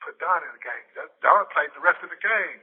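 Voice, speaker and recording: A man in his fifties from Texas, telling stories in a casual interview, animated and often repeating and restarting his words. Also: on the high side, a little fast, husky. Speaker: interview guest, former football player. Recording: tinny phone-like lo-fi audio.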